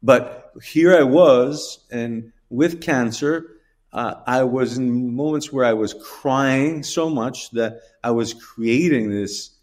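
A middle-aged man, an interview guest, tells a personal story in a halting, emotional way with restarts and small laughs. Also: mid-range voice, a little mellow. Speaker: guest telling his story.

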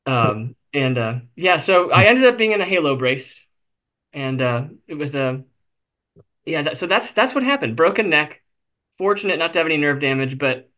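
A man's voice: on the high side, big pitch swings, normal speed, sharp tone. A man being interviewed, telling a personal story candidly, with self-deprecating humor and frequent fillers. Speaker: interview guest.

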